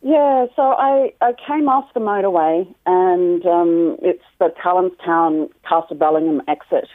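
A woman's voice: fairly low pitch, measured pace, dry recording. Australian woman calling in by phone. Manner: friendly, hesitant with fillers. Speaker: caller. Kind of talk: radio phone interview. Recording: phone line on radio.

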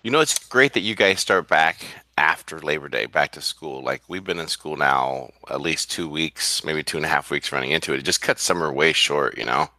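A man's voice: extremely low pitch, moderate pace, few pauses, pushed and bright, no room sound. A man co-hosting a casual talk show, speaking hesitantly with many fillers and restarts. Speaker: co-host.

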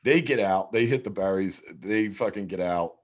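A man in his thirties tells a rowdy story in loose, profane chat. His voice sits a little low, and he acts out what everyone said. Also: normal speed, breathy edge. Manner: animated, swears constantly, acts out quotes.

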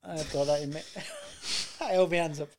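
A man's voice: fairly high pitch, huge pitch swings, normal speed, slight background noise. A man co-hosting a podcast in casual chat, jokey and boisterous, swearing and laughing often. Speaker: podcast co-host.

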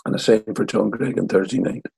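A man in his sixties from Northern Ireland with a Northern Irish accent, telling lively stories as an interview guest. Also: on the low side, fairly quick, vocal fry, breathy edge, no room sound, rough recording. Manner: lively yarn-spinner acting out quotes. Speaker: guest, former footballer. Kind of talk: anecdotal storytelling.

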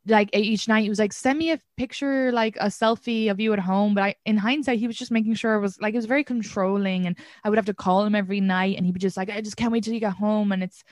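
A woman's voice: mid-range voice, fairly even intonation, fast talker, hardly any pauses, darkish tone, no echo, studio quality. An Irish woman hosting a podcast, chatting casually in a rambling way, with lots of "like". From Ireland. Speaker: podcast host. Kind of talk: casual chat.

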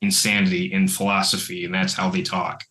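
Male podcast co-host: bright, forward tone on a low voice, animated, rambling and casually profane. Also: fairly quick, rough recording.

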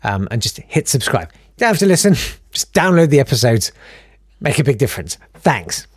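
Animated, chatty male podcast host. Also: mid-range voice, normal speed, breathy edge, dry recording, studio quality. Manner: chatty, self-deprecating, rambling asides. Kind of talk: casual chat reading listener emails.

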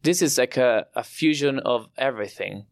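A young Italian man with an Italian accent, explaining his family's winemaking with pride and frequent pauses. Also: mid-range voice, gravelly, no echo, clean studio sound. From Italy. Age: young adult. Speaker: winemaker guest. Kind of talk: podcast interview.

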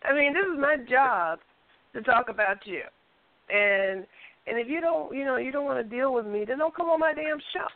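A woman's voice: high-pitched, lively intonation, moderate pace, no room sound. A woman co-host in casual panel talk, blunt and full of profanity. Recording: phone-like lo-fi audio.

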